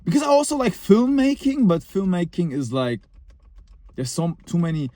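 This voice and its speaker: A man's voice: high-pitched, big pitch swings, moderate pace, mellow, no echo. A young man telling a personal story in a casual, rambling monologue, full of fillers and short laughs.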